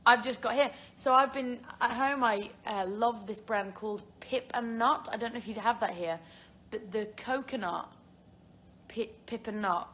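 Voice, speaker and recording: Speaking at normal speed in a slightly high, somewhat bright voice, a young actress from England answers fan questions on a phone livestream. She reads them aloud and chats casually, laughing frequently and filling gaps with filler words.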